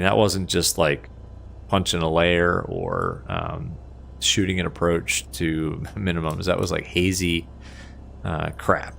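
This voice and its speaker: Man, flight sim streamer, casual live commentary, gravelly, animated delivery, laughs at himself. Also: low-pitched, a little hiss or hum. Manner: chatty, self-mocking, laughs often.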